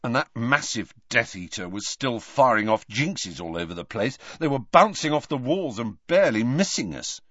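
A man's voice: medium pitch, big pitch swings, normal speed, hardly any pauses, a bit bright, no echo, highs cut off. A man voicing a shaken teenage boy.

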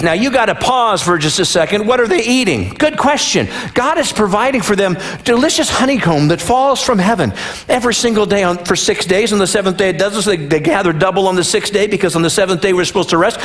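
Pastor, male, high voice; conversational sermon with rhetorical questions and jokes. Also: a bit bright.

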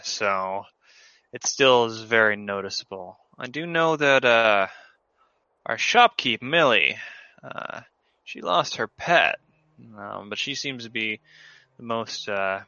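A man's voice: fairly low pitch, pushed and bright, no room sound, exaggerated voice. A man voicing a folksy minotaur guard. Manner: folksy, plain-spoken. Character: wary male minotaur guard of a small village. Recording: dull lo-fi online call audio.

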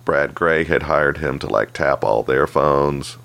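Very deep gravelly-voiced man. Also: a little slow. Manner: profane, animated storytelling. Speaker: podcast co-host. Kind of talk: casual chat.

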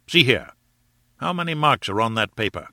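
A man doing a brisk, hearty adventurer lord. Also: mid-range voice, very animated, sharp tone, dry recording, clean studio sound. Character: brisk adventurous male aristocrat, hearty and practical.

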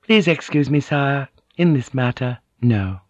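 A man's voice: medium pitch, animated, measured pace, no room sound, dull audio, voice pushed up. A man voicing a devout noblewoman who answers formally and politely but firmly. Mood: resolute. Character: proud, devout noblewoman, calm and resolute.

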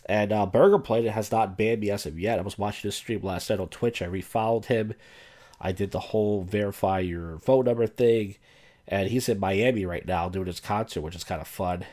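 A man's voice: on the low side, moderate pace, darkish tone. A man hosting a comedy podcast, reading odd news stories and adding sardonic, rambling asides. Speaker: podcast host. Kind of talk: casual comedic news commentary.

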